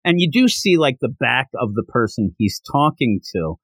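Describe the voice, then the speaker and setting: A man reviews manga on a podcast with an animated, swooping delivery. He sits close to the mic in a dry, dead room. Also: mid-range voice, moderate pace, no room sound. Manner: animated, retells scenes with fillers and laughs. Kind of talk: casual review chat.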